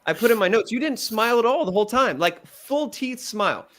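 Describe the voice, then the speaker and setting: A man giving direct, animated feedback as a pitch coach, acting out examples as he goes. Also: fairly quick.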